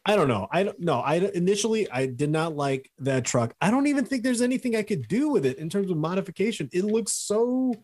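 Husky-voiced man, very animated, quick excitable co-host. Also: sits high. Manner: excitable, laughs often, quick bursts. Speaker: podcast co-host. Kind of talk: casual chat among collectors.

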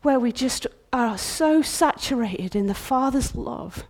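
A woman delivers an impassioned church sermon in a fairly high voice. She swings between loud, ringing outbursts and soft whispers as she tells her story, with a restless, dramatic energy. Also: lively intonation, unhurried. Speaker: preacher.

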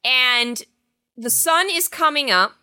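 A woman's voice: sits high, lively intonation, slow, pushed and bright, clean tone. A woman co-hosting a podcast, casually recapping a movie with enthusiasm and the odd swear word. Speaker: podcast co-host.

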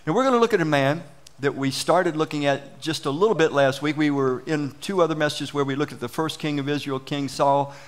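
A man's voice: a little high, fairly quick. A middle-aged man preaching a sermon to his church in a conversational way, asking the congregation questions and chuckling at his own stories. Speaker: pastor. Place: church sanctuary.

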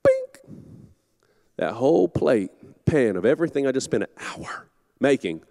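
A middle-aged man, a campus pastor, preaching a sermon in a church, telling stories with shouted asides. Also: mid-range voice, measured pace, gravelly, no room sound. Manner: animated storytelling with shouted asides. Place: church auditorium.

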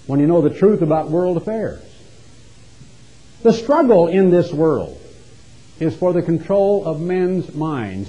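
A man preaching a sermon, emphatic and full of rhetorical questions, swinging from hushed to loud. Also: fairly high pitch, lo-fi sound.

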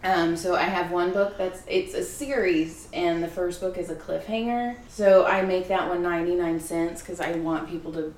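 A woman's voice: on the low side, moderate pace, hardly any pauses, a little mellow. A woman author chatting casually and laughing easily, heard through a distant mic in an echoey room with a faint hum. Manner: chatty, giggly, slips into voices. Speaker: self-published author, guest. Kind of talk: casual chat.

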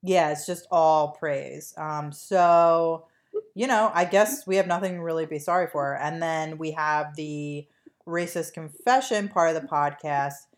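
A woman with a notably low voice and a non-native English accent chats on her podcast. She rambles loosely, full of ums and likes, slipping in deadpan jokes. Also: measured pace. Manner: rambling, filler-heavy, joking. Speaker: podcast co-host. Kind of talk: casual chat.

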